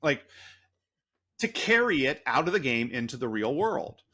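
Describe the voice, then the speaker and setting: A man's voice: mid-range voice, sing-song, measured pace, pushed and bright. A man co-hosting a podcast, rambling through a story in a loose, profane, casual way. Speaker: podcast co-host.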